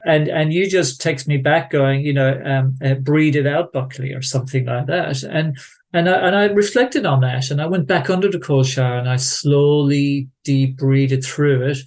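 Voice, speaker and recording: A man with an Irish accent, a guest researcher on a podcast, speaking in a measured, reflective way with frequent restarts. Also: a little high, fairly even intonation, darkish tone. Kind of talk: casual conversational interview.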